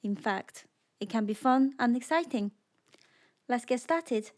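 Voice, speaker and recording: A woman narrating a scripted beginner language lesson, speaking slowly and clearly and demonstrating sounds for the listener to repeat. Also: a little high, expressive, a little mellow. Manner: slow, clear, demonstrating tones. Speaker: language teacher.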